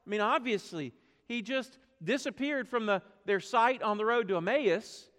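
Heard through long hall reverb, a male pastor delivers an earnest sermon in a high, animated, fairly bright voice at a moderate pace. He poses rhetorical questions and lets his voice rise and drop.

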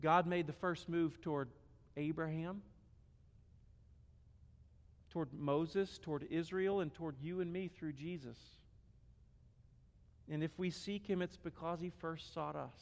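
A man's voice: fairly high pitch, unhurried, vocal fry, long pauses. A man preaching a sermon, emphatic and repeating key phrases. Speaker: pastor. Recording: echoey hall.

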